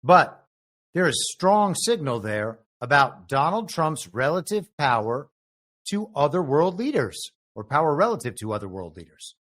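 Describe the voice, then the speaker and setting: A man's voice: on the high side, big pitch swings, normal speed, a bit bright. A man hosting a podcast, giving political commentary in a musing, speculative way, stretching out key words for emphasis. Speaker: podcast host and moderator.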